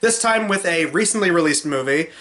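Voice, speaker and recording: A young man rambling through a casual movie review vlog with a bright, forceful voice that sits a little high. He goes on at length and now and then slips into mocking impressions. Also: lively intonation, fairly quick. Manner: chatty and rambling, often mimics cynical voices in a high pitch. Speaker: movie vlogger.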